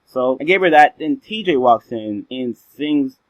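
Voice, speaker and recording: A man's voice: medium pitch, animated, unhurried, no echo. A man telling a funny childhood story in a casual, boastful, slangy way, with playful exaggeration. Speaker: vlog storyteller. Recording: dull lo-fi dry recording.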